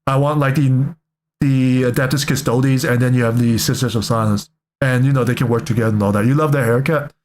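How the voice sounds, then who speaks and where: A young man streams casual reaction commentary, rambling, joking, and fixing his words mid-sentence. His medium-pitched voice is darkish and fairly even, moving at a fairly quick clip over slight background noise.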